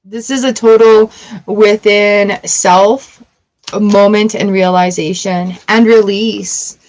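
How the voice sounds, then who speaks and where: A woman in her forties chatting casually on a tarot livestream, emotional and quick to laugh. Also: medium pitch, fairly even intonation, a little mellow, poor audio. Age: 40s. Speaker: tarot reader.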